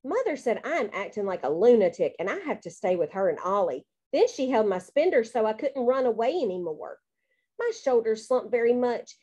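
Expressive woman narrating a children's book. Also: a little high, normal speed, highs cut off. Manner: bouncy and expressive. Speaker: audiobook reader.

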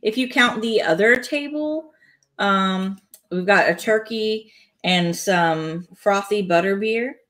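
A woman talks casually on a live stream from her home, keeping up a loose, joking patter as she goes. Her voice sits at a middling pitch, and she breaks into easy laughter between remarks. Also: takes it slowly, a bit bright. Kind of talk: casual live-stream chat while building a toy set. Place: home, indoors.

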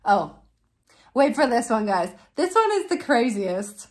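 A woman's voice: fairly high pitch, very animated, unhurried, a little mellow. A woman from Canada, casually reacting to a video for her vlog, amused and laughing often. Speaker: vlogger and parent.

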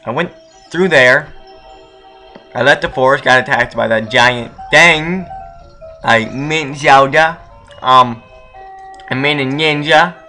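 A man's voice: medium pitch, takes it slowly, sharp tone. A young man casually commenting on a video game he is playing, goofy and jokey, talking back to the characters. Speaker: let's play gamer. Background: game music.

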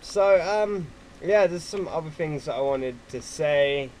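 An excitable man narrating his gameplay into a desktop mic, quick to curse at opponents. His voice sits a touch high and he talks at an unhurried, drawn-out pace. A faint hiss sits under the voice. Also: rough recording. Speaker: gaming YouTuber. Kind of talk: casual gameplay commentary.

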